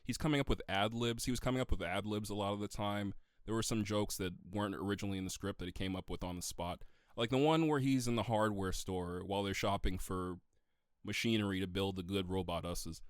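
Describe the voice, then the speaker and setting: Male podcast co-host, casual and excitable, laughs through his points, dry close sound. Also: fairly low pitch, brisk, clean tone, no echo. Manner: animated, laughs often, swears casually. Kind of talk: casual movie discussion.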